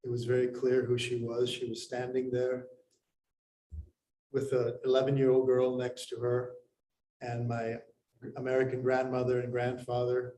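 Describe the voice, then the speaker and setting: A man from India telling a personal story to an audience, unhurried with pauses and lively acted quotes. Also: medium pitch. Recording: roomy, distant mic, faint noise.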